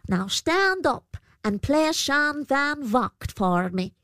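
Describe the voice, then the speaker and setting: A woman's voice: sits high, sing-song, slow, a bit bright, dry recording, studio quality, pitched above the performer's own voice, heavily acted. A woman voicing a menacing male horned fairy creature in a spoken storybook, snarling and commanding.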